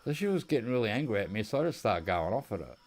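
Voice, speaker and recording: A man's voice: fairly low pitch, big pitch swings, very fast. A man with an Australian accent, chatting casually and rambling through stories while he plays a hunting game. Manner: rambling storytelling. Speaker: gaming commentator. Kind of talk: casual gameplay commentary.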